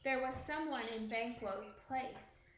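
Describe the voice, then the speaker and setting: A woman teacher reading a story aloud to a class, expressive, stopping to ask questions. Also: on the high side, slow pace, reverberant, a little hiss or hum.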